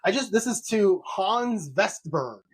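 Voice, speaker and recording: A man co-hosting a casual podcast, telling animated stories and venting about bad customer service. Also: high-pitched, takes it slowly, breathy edge. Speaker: podcast co-host.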